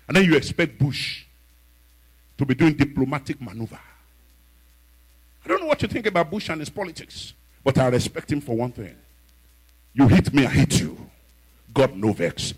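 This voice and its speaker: A man preaching a fiery sermon, shouting and hammering his points home with repetition. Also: fairly high pitch, husky, poor audio.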